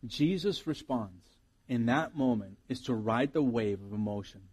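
A man's voice: medium pitch, lively intonation, normal speed, a little mellow, breathy edge. A man preaching a sermon as pastor, earnest and reflective, often restarting his sentences.

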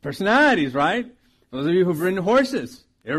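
A middle-aged man, a pastor, preaching a sermon with animated storytelling, his loudness swinging from soft asides to loud bursts. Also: high-pitched, brisk, breathy edge.

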